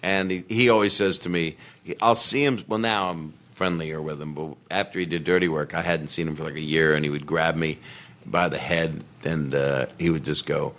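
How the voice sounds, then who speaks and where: A man's voice: a bass voice, fairly even intonation, moderate pace, a bit bright. A man appearing as a comedian guest on a podcast, rambling through anecdotes in casual chat and often breaking into laughter. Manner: rambling storyteller, breaks into laughter and mimics people he quotes.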